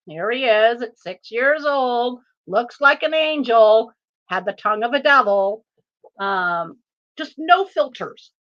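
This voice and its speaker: A woman author telling a funny family story at a live online event, in an animated, expressive manner. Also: on the high side, highs cut off. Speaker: author and guest reader.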